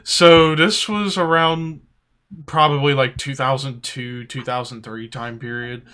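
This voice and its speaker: A man co-hosting a podcast, telling stories in a casual chat, animated and often laughing as he acts out voices. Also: mid-range voice, measured pace, smooth. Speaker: podcast co-host.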